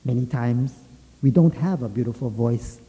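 A man giving a Buddhist dharma talk, telling a story in a gentle, measured way, with a long hall reverb. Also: mid-range voice, muffled recording.

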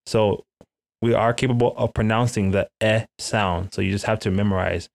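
Guy teaching spanish vowels, kinda low voice, says each sound slow and careful, keeps asking okay?. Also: fairly even intonation, vocal fry. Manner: frequent "okay?" check-ins with learners. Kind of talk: language lesson, repeat-after-me drills.

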